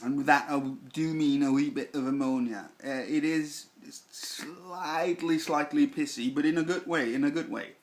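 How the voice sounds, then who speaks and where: A man giving a casual product review in a slow, deliberate way, thinking aloud with fillers. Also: a little high. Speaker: snuff reviewer.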